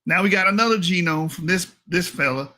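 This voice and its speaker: A man's voice: sits high, a little fast, sharp tone. A man giving heated reaction commentary, mocking and profane as he corrects someone's reading of a paper.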